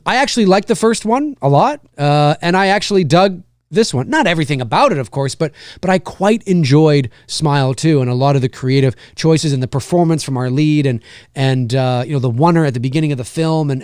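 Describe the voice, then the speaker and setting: A man's voice: fairly high pitch, moderate pace, a little mellow, smooth, no room sound, clean studio sound. A man hosting a live stream, chatting casually about films and answering viewers in a rambling, self-correcting way. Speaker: livestream host and indie filmmaker.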